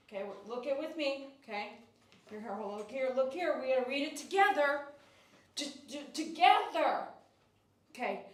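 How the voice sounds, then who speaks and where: A woman dog groomer with a high, fairly bright voice hosts a casual livestream from her grooming shop. She coos baby talk to a dog and reads viewer comments aloud. The room is echoey and the mic sits at a distance.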